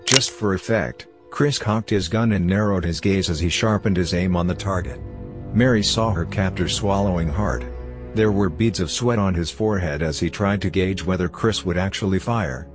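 A man narrating a story in a steady, measured scripted reading. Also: low-pitched, over music. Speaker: audiobook narrator.

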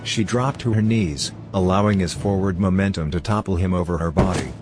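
A man narrating a story in a steady, measured scripted reading. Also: sits low, over music. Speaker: audiobook narrator.

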